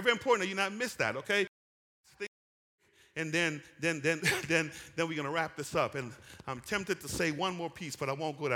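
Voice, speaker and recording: A man preaching in a church, his voice bright and a little high, moving from quiet, easy talk to loud shouted calls for his congregation to answer. The long reverb of the sanctuary trails behind every phrase. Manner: call-and-response preaching, builds to shouting. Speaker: pastor. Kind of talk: sermon.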